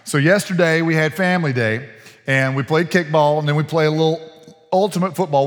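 A man's voice: medium pitch, big-room sound. A man preaching as pastor, in a casual, folksy way full of restarts, chuckles and asides to the congregation. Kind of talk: sermon. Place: church sanctuary.

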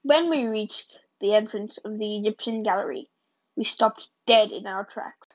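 A woman's voice: mid-range voice, moderate pace. A woman reading a novel chapter aloud in a plain, unpolished way with occasional slips and restarts. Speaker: reader of a novel. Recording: dull lo-fi recording.

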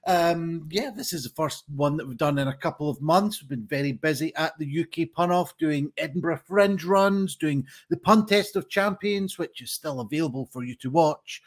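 A man's voice: on the high side, normal speed, few pauses. A man hosting a live-streamed pun contest in a chatty, rambling way, with lots of ums, over a video call. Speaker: game show host.

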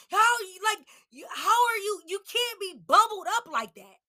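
A young woman hosting a podcast, ranting in anger, yelling and swearing. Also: extremely high pitch, expressive, normal speed. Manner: yelling, heated, profane. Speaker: podcast host. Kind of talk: angry personal rant.

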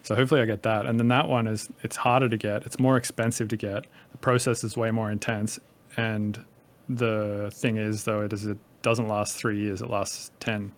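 A man's voice: on the low side, flat delivery, moderate pace. A man in his thirties from Australia with a light Australian accent, a podcast guest talking casually in a rambling way and swearing freely.

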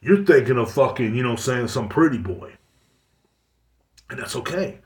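A man rants bluntly as a podcast host, swearing freely and rambling from point to point. His pitch swings up and down with animated energy. He sits back from the mic in a room with a noticeable echo. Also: moderate pace, distant mic. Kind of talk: casual ranting monologue. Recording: roomy echo, away from the mic.

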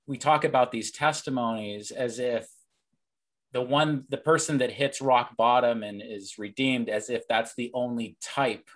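A man's voice: mid-range voice, unhurried, fairly bright tone. A man hosting a casual faith conversation, sharing anecdotes reflectively and correcting himself as he goes.

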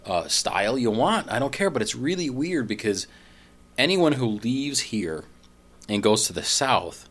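A man's voice: medium pitch, sing-song, a bit bright. A man from northeastern Pennsylvania in a casual chat, playful and rambling. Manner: playful, rambling, quick to laugh along.

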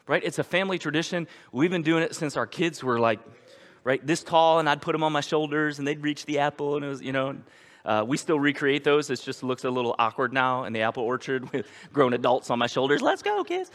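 A man's voice: on the high side, fairly bright tone. A male pastor preaching a sermon in a conversational storytelling manner, with emphatic repetition. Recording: echoey church hall.

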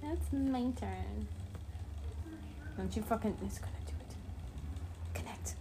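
A woman's voice: fairly high pitch, takes it slowly, gravelly, noisy background. A woman co-hosting a casual podcast chat at her home computer, exasperated, swearing often and mocking herself. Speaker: podcast co-host. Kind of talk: casual chat while gaming.

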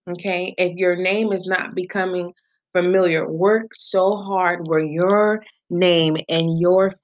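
Slow, low-voiced woman podcast host. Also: fairly bright tone. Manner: earnest, emphatic, repeats key phrases; conversational, with many "you know" and "okay?" asides. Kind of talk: solo motivational podcast monologue.

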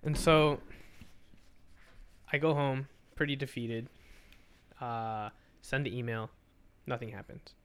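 Young guy on a podcast, smooth clear voice, swears a lot, acts out the dialogue. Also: medium pitch, takes it slowly, fairly bright tone. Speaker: podcast guest. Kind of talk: casual storytelling.

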